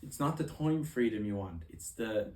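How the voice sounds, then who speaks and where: A man's voice: fairly low pitch, animated, darkish tone. Earnest man in an echoey room. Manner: earnest, halting, with many restarts. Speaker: life coach. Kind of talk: personal story and coaching talk to camera.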